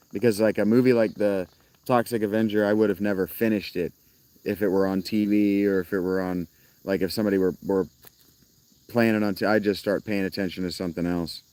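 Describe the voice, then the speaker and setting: A man with a deep, slightly mellow voice chats casually with his live-stream viewers outdoors in the countryside, crickets chirping around him. He rambles, keeps cutting himself off to restart sentences, and laughs a lot.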